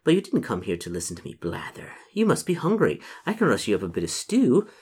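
A man's voice: medium pitch, wildly swooping pitch, fast talker, darkish tone, breathy edge. A man voicing a chatty, hospitable village landlady without putting on an accent. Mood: friendly.

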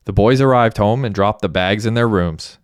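Guy narrating a story, lowish smooth voice, steady, no room sound. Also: normal speed, dry recording, clean studio sound. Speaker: audiobook narrator. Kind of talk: scripted narration.

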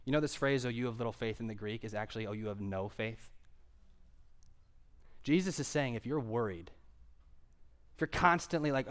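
A man preaching a sermon, earnest and emphatic, with conversational asides to the congregation and swings from quiet to loud. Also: mid-range voice, moderate pace, long pauses. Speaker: pastor.

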